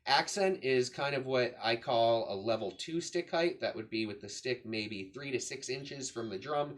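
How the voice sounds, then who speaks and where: A man's voice: mid-range voice, normal speed. Patient man teaching drums. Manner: patient, counts beats aloud while demonstrating. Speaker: drum teacher. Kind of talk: casual instructional explanation. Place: room with a drum kit.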